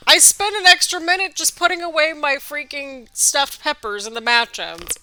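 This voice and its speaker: A woman hosting a wrestling reaction video, chatting excitably with quick laughs while a bit stuffy from allergies. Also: high voice, a little hiss or hum. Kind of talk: casual live reaction commentary.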